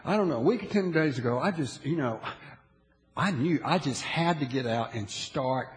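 A man preaching a sermon as a pastor, animated, often checking in with the audience and restarting his phrases. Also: mid-range voice, normal speed. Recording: long hall reverb.

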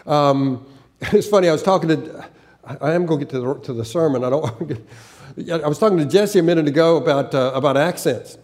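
Pastor, male, faded Southern accent, slightly high voice; earnest, stop-start sermon delivery. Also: darkish tone. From American South. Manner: halting, many restarts and repeated words; earnest, with occasional laughter.

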